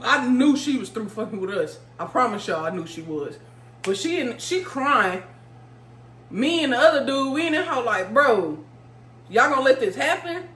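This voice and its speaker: A woman vlogger telling a story in a casual, animated way, swearing freely and talking straight to her viewers. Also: on the high side, echoey room, a little hiss or hum.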